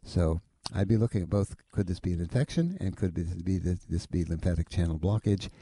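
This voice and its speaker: A man's voice: low voice, a little fast, mellow, husky. A man over forty hosting a call-in health show, giving folksy, rambling advice with careful hedges. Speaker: radio health show host.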